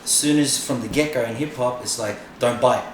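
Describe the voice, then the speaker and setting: A man's voice: mid-range voice, a little fast. Frank man in a very echoey room. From Australia. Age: middle-aged. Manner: frank, swears freely, many "you know"s. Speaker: podcast guest, breakdancer. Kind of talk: casual chat. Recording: very echoey room, mic far off, noisy.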